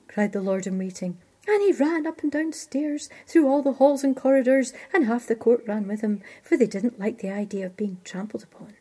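Female storyteller for a fairy tale, mellow and breathy, hushed in places. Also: fairly high pitch, normal speed. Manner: expressive, often dropping to a hush. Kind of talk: fairy tale reading aloud.

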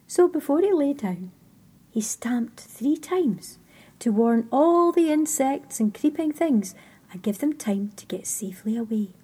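Breathy whispering woman storyteller. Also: a little high, expressive, measured pace. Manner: soft, hushed reading.

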